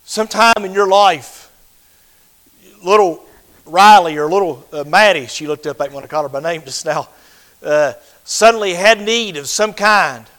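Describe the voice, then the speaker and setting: An older man preaching a sermon, swinging between loud fervent passages and hushed, quiet ones. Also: high voice, moderate pace, rough recording.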